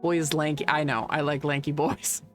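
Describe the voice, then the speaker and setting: A woman game streamer talks through her play in a fairly low voice, wry and a little sweary, reading the game's text aloud as she goes. Faint game music sits quietly behind her. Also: little pitch movement, fairly quick. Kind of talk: casual gameplay commentary.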